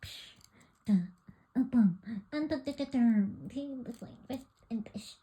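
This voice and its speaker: A woman's voice: a little high, lively intonation, unhurried, dark tone, slightly rough. A woman vlogging with her pet bird, giggling and coaxing it in playful baby talk. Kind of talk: casual vlog chatter to her pet and viewers.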